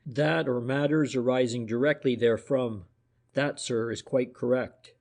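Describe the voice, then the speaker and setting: A sly private detective, as a man reads him, always polite but insinuating. He speaks at a middling pitch, a touch louder than the narration, in a classic mystery audiobook. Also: fairly even intonation, a little slow. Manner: deferential, insinuating. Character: furtive, civil male private detective.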